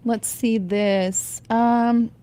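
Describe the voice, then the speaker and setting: A woman's voice: on the high side, fairly even intonation, drawn-out words, warm tone. Woman, radio morning host, chatty, laughs often, studio mic. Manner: chatty, reads items aloud with frequent laughter. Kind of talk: casual radio banter. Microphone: studio microphone.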